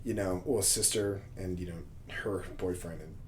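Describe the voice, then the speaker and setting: A man's voice: low voice, unhurried, a crowd in the background. A man co-hosting a podcast, casually recapping a horror film, laughing often and acting out the characters' lines. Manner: laughs often, acts out scenes in quoted voices. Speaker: podcast co-host. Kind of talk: casual movie recap chat.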